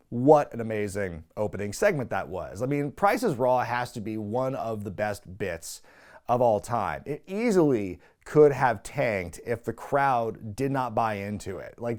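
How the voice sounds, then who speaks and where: Animated man laughing through a casual recap. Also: mid-range voice. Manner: animated, laughs often, slips into quoted voices. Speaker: wrestling recap podcast host.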